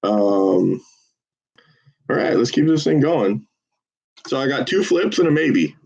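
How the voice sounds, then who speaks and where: Man, campaign phone-bank volunteer; rambling, profane chat with a salesman's calling voice; mid pitch, dull lo-fi sound. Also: big pitch swings, slow pace, vocal fry, darkish tone. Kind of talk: casual livestream chat with live phone calls.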